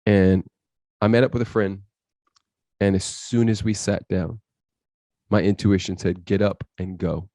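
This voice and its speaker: Male podcast guest, dark tone, animated storyteller who acts out the voices in his tale. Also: fairly low pitch, unhurried, pauses often, dry recording. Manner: intense, quotes his inner voice and others.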